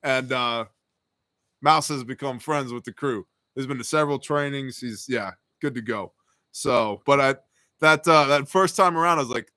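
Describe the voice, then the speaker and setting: A man's voice: medium pitch, brisk, pushed and bright, dry recording. A man hosting a live stream Q&A, reading viewer questions aloud and answering them in a casual, joking, rambling way. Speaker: host.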